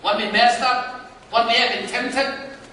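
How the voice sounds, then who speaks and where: A man preaching a sermon, dramatic, moving between hushed and loud lines. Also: extremely high pitch, fairly even intonation, a little slow. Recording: echoey hall, from far off.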